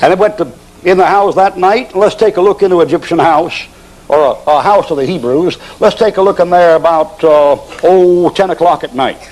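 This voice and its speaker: A man's voice: high-pitched, normal speed, darkish tone, rough recording. A man preaching a sermon as a folksy, humorous storyteller.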